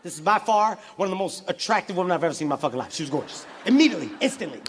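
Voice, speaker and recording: A man performing a live stand-up routine, profane and shouty as he tells his stories. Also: high voice, racing, a little hiss or hum. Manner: profane, shouty, animated storytelling. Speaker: stand-up comedian. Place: large live venue. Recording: live venue with reverb and audience. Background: audience laughter.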